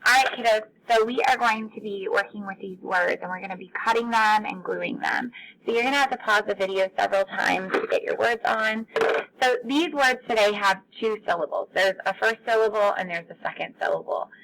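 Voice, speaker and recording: Woman, teacher, bright tone, speaks to young children, stretches out words. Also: mid-range voice, fairly quick, creaky, low-quality recording. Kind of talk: remote phonics lesson for young children.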